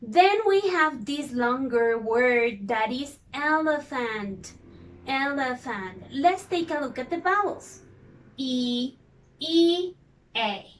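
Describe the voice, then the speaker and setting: A woman's voice: sits high, lively intonation, slow. A woman teaching a lesson for young learners, patiently repeating words and spelling out their vowels. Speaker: English teacher.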